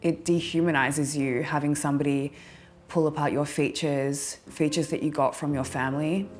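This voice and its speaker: A young woman giving an earnest, measured testimonial. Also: low-pitched, steady tone. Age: young adult. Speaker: interviewee. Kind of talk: candid testimonial.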